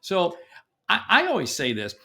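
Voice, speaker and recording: An older man with a gravelly edge, talking as a guest on a sales podcast. His delivery is emphatic and animated, with a pitch that rises and falls a lot. He stammers on repeated words to press his points home. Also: normal speed. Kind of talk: podcast interview.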